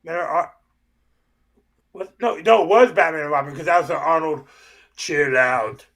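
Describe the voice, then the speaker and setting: A man's voice: fairly high pitch, moderate pace, a bit bright. A man co-hosting a reaction show, teasing his partner in casual banter over a video call. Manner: teasing, laughs often.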